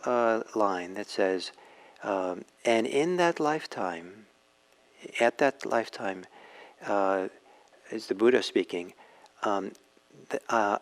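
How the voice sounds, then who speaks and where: A man giving a dharma talk, telling a fable gently and unhurriedly, with many pauses and fillers. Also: lowish voice, vocal fry. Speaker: meditation teacher.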